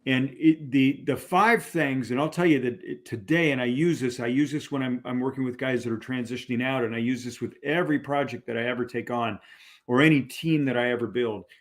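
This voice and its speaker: A middle-aged man, a podcast guest, telling a personal story in a casual, animated way with many fillers and restarts. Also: mid-range voice, fairly quick. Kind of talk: conversational storytelling.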